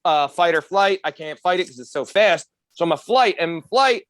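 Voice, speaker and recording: A man's voice: high-pitched, expressive, a bit bright, no room sound. A man co-hosting a podcast, telling self-mocking stories full of swearing. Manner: rapid, profane, self-mocking anecdotes. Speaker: podcast co-host. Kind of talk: casual storytelling.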